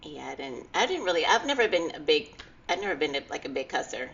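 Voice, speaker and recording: A woman co-hosting a podcast, speaking calmly and reflectively in a low, bright voice with lively rises and falls. The recording is dull and lo-fi with faint noise behind her. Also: quick pace. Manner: calm, reflective, short agreeing replies. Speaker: podcast co-host. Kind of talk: casual chat.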